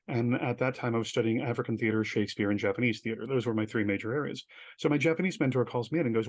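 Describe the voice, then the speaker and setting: A middle-aged man tells his stories at a quick clip, recorded close on a dry mic with no room sound. He stays self-deprecating and acts out other people's lines with sudden bursts of energy. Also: mid-range voice, no echo. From United States. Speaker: guest, professor and theater artist. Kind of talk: conversational storytelling in an interview.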